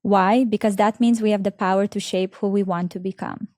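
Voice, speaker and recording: A woman podcast host in a conversational interview, asking calm, reflective questions. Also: mid-range voice, brisk, no echo, clean studio sound.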